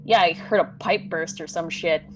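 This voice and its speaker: A woman voicing a panicky, foul-mouthed boy who swears, shouts high and drops to whispers. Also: moderate pace, soft background music, natural voice. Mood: mocking.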